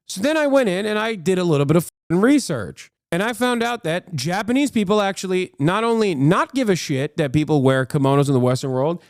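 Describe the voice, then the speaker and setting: A high-sitting male voice with no echo and studio quality delivers livestream reactions. Ranting combatively at speed, he swears a lot, breaks off his own curses, and leans on fillers.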